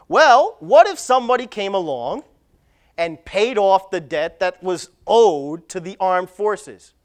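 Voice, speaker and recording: A preacher giving an animated sermon, stressing and repeating key lines. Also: medium pitch.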